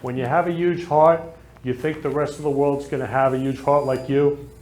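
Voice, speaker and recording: A man's voice: medium pitch, little pitch movement, normal speed, darkish tone. A man hosting a casual talk show, gushing and sentimental, showering guests and viewers with affection. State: emotional, near tears. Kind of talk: casual live show chat.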